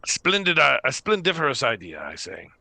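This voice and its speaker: A man's voice: medium pitch, huge pitch swings, moderate pace, creaky, pushed and bright, dry recording, full character voice. A man voicing a possessed adventurer who speaks with stiff, pompous formality in a tabletop game. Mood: stiff, theatrical. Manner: overly formal, pompous phrasing. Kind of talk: tabletop role-play voice.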